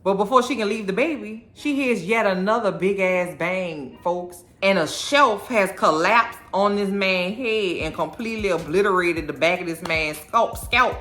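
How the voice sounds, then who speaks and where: A woman recaps a TV episode in a bright, sharp voice, sassy and animated. Faint music plays behind her. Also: mid-range voice, moderate pace, few pauses. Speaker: show recapper.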